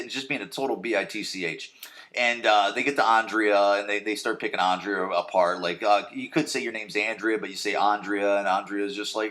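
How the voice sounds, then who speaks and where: A man's voice: fairly low pitch, a little fast, a bit bright. A man hosting a podcast, casually recapping a TV episode in a rambling, crude way and often checking in with "right?". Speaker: podcast host.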